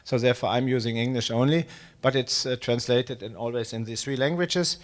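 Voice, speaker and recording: A man's voice: medium pitch, a little fast. A man in his sixties from Germany with a German accent, speaking English at a live public talk as a space agency director, with many fillers and restarts. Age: 60s. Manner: hesitant, many fillers, self-deprecating.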